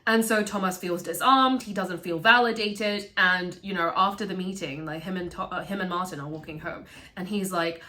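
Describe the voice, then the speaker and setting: A woman giving casual film commentary, animated and profane, often laughing. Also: on the low side, moderate pace, few pauses. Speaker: vlogger reviewing a film.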